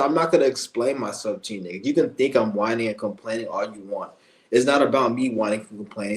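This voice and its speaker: A male vlogger in the middle of a casual rant, talking bluntly and swearing freely. His pitch sits at an ordinary middle range for a man. He moves from loose, rambling asides into heated, scornful outbursts. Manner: blunt, profane, heated ranting.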